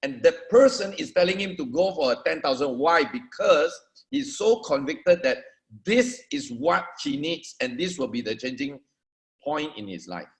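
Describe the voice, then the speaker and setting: A man's voice: a little high, animated, moderate pace. Emphatic man coaching a sales audience. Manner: emphatic, addresses the audience directly with repetitions. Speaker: network marketing trainer. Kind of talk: motivational training talk.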